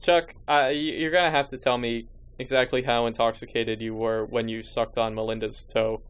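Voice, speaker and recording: A man's voice: medium pitch, level tone, normal speed, clean tone. A man hosting a podcast in casual chat, with wry, sarcastic remarks and laughing asides. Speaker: podcast host.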